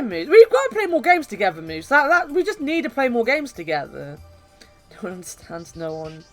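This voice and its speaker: A young woman from the West Country with a mild British accent, rambling and laughing as she chats with her stream viewers. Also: fairly high pitch. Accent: mild British, light West Country. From West Country, England. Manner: rambling, chatty, laughs often. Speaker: game streamer. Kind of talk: casual chat with stream viewers.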